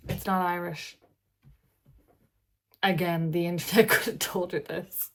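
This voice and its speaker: A woman's voice: deep voice, little pitch movement, a little slow, vocal fry. A tired woman hosting a reaction video, reading posts aloud and breaking in with chatty asides and sighs. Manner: chatty, sighing, breaks off to talk to her pet.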